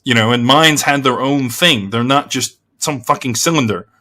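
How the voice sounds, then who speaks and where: A man's voice: mid-range voice, moderate pace, pushed and bright, faint music behind. An Australian man rants in a casual, blunt way, swearing a lot and rambling with frequent restarts. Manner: heavy swearing, blunt and exasperated. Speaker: gaming video creator. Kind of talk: casual game review rant.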